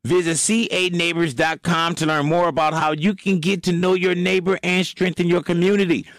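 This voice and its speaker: A man reads a scripted advertisement with a playful announcer persona. His voice sits a little high and sounds close and dry. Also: level tone, moderate pace, a bit bright, dry recording. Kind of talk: scripted ad read.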